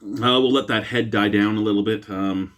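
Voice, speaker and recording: A man's voice: steady tone, moderate pace, a bit bright. A man, hosting a casual beer review vlog, chatty and rambling with self-mocking jokes, recorded on a camera mic. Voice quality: deep voice. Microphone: camera mic, no lapel mic.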